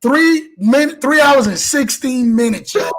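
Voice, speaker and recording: A man hosting a live show, talking in an animated, preacher-like way and blessing his audience. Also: extremely high pitch, a little slow, a crowd in the background, poor audio. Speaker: show host. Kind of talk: exuberant live show wrap-up.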